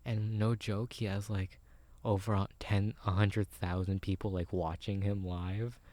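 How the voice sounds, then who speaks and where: A man's voice: lowish voice, level tone, unhurried, warm tone, dry recording. A young man co-hosting a podcast in whispered role-play, rambling and laughing at the idea. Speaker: podcast co-host.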